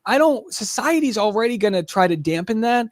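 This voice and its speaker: A man with a notably high voice tells stories in a casual podcast interview. He talks animatedly, full of quick restarts and asides. He sounds close and dry on the mic, with no room sound. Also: sing-song, no echo. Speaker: comedian and podcaster, guest.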